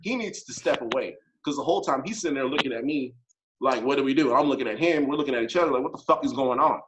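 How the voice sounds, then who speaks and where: A man co-hosting a podcast, telling a story in casual chat, animated and full of swearing. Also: mid-range voice, fast talker, a little hiss or hum, poor audio. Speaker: podcast co-host.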